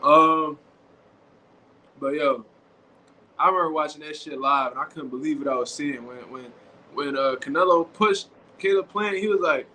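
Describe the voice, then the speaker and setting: Animated slangy man in an echoey room. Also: a little high, normal speed, long pauses. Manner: animated, slangy, acts out quotes. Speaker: boxing show host. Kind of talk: casual commentary. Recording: echoey room with faint background noise.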